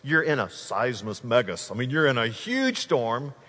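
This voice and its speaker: Male pastor delivering an animated sermon, husky tone, big reverberant hall. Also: medium pitch, normal speed. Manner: animated preaching, addresses the congregation directly.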